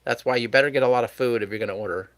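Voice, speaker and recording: A man's voice: mid-range voice, rapid-fire, fairly bright tone, dry recording. A man hosting a live stream, chatting casually with his viewers and chuckling often. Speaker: livestream host.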